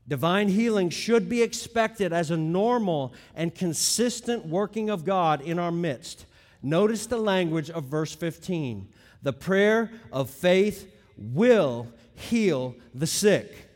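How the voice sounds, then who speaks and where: A middle-aged man preaching a teaching sermon, stressing key words loudly and dropping into quiet asides. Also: sits high, big-room sound. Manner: emphatic, swings between loud stresses and quiet asides. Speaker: pastor.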